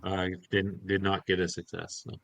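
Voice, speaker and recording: A man playing a tabletop game, talking hesitantly and thinking out loud. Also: low voice, completely flat delivery, moderate pace, vocal fry, highs cut off. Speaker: player. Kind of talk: tabletop play.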